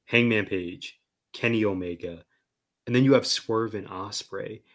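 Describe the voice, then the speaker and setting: A man's voice: lowish voice, measured pace, fairly bright tone. A man co-hosting a podcast, giving emphatic opinions in casual wrestling chat. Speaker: podcast co-host.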